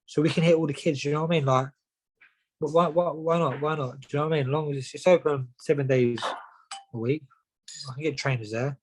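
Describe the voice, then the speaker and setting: Young man, quick-fire podcast guest, peppers every line with "mate". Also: on the high side, steady tone, slight background noise, rough recording. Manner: rapid, says "mate" and "do you know what I mean" constantly. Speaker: professional boxer guest. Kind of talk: casual podcast chat.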